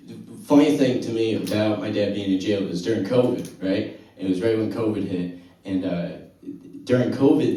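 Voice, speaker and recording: A man doing a stand-up comedy set and hosting the show, telling dry stories with sudden loud exclamations, on a handheld mic in a comedy club. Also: medium pitch. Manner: deadpan storytelling, bursts of loud laughing exclamations. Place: comedy club with live audience. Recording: echoey club, recorded from a distance.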